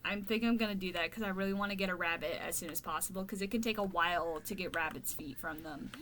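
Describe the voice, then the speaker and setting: A woman's voice: fairly low pitch, quick pace, a bit bright, a little hiss or hum. A woman streamer chatting casually while gaming, venting in a blunt, profane way.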